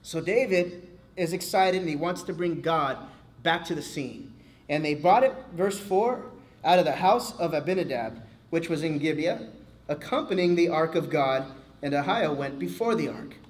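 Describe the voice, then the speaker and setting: A man leading a men's Bible study in an animated, casual way, acting out quotes as he teaches. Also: fairly high pitch, normal speed. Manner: animated, casual, acts out quotes, many fillers.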